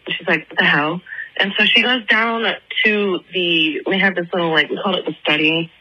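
A woman's voice: lowish voice, normal speed, bright, forceful tone, slight background noise. Chatty young woman on a phone line. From Atlanta. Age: 20s. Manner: chatty, filler-heavy, lots of "like". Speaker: listener calling in with a voicemail. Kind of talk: casual phone voicemail storytelling.

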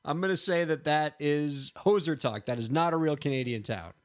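A man's voice: a little high, normal speed. A man hosting a podcast, good-natured and often laughing as he plays the straight man in casual banter. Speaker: podcast host.

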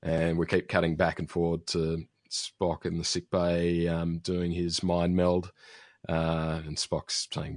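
A man's voice: sits low, completely flat delivery, takes it slowly, no echo, studio quality. A man casually recapping a TV episode as a podcast host, rambling with fillers and restarts. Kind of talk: casual chat.

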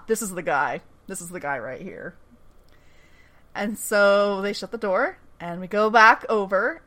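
A woman hosting a podcast, recapping a TV episode in casual chat. Her storytelling is animated, she swears freely, and she laughs often. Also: mid-range voice.

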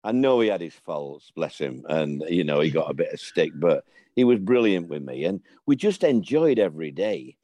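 A middle-aged man recalls old times in a loose, rambling way, often stopping and starting again. His voice sits fairly low. The sound is close and dry, with no room around it. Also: sing-song, moderate pace, mellow, no room sound. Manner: rambling, stops and restarts. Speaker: interview guest. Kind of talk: casual storytelling.

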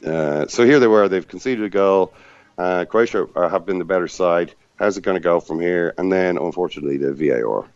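A man on a football podcast, chatting casually and acting out players and the referee in quick asides. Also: low-pitched, a little mellow, smooth, no echo, muffled recording, soft background music. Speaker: football pundit at the final.

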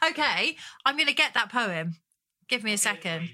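A woman co-hosting a podcast, chatting casually and giggling often in quick bursts. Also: a little high, big pitch swings, sharp tone. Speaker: podcast co-host. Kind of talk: casual chat.

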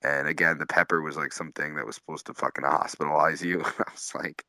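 A man's voice: rumbling low, level tone, fast, pushed and bright, no echo. A man, a comedian and tour manager, casually telling road stories, laid-back and swearing often, laughing through them. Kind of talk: casual storytelling.

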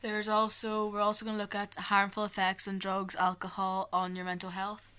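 Steady-voiced teen girl. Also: medium pitch, moderate pace, clean tone. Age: teenager. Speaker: youth podcast co-host. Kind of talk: episode overview.

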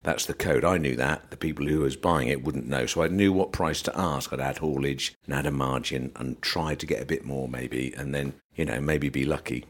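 Casting: middle-aged English man, low voice, animated podcast storyteller. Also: moderate pace, few pauses. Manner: animated anecdotes, acts out voices. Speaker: podcast guest. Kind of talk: casual storytelling chat.

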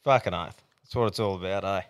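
An Australian man co-hosting a podcast, recounting a night out with loud laughter and free swearing. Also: deep voice, quick pace. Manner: swears freely, laughs loudly. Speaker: podcast co-host. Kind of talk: casual crude storytelling.

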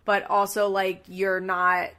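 A woman's voice: mid-range voice, level tone, takes it slowly, bright, forceful tone. Chatty woman talking through a story. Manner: chatty, many fillers, talks through hunches. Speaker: podcast co-host. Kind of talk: casual chat.

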